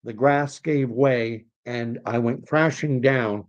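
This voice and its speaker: A middle-aged man chats on his livestream at an ordinary pitch. He rambles through his story and keeps restarting his sentences. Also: fairly even intonation, slow pace. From Canada. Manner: rambling, self-correcting, conversational. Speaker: livestream host. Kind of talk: casual storytelling chat.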